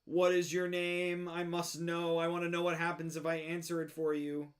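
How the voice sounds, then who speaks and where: A woman's voice: fairly low pitch, monotone, moderate pace, close to an everyday voice. A woman voicing a forgetful male flame monster who pleads with strangers to tell him his own name. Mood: insistent. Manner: plaintive, pleading, insistent questions.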